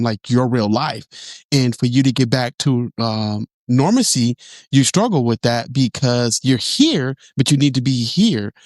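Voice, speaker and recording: A man's voice: mid-range voice, darkish tone, no echo. A man with a mid-range voice hosts a podcast and asks questions. He speaks thoughtfully and often searches for the right word. His voice is dry and close. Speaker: podcast host. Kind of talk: interview questions.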